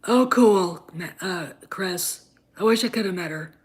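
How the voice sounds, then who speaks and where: A woman's voice: on the low side, a little slow. A woman, chatting casually on a livestream and rambling with many fillers and restarts. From Wisconsin, US. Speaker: livestream host.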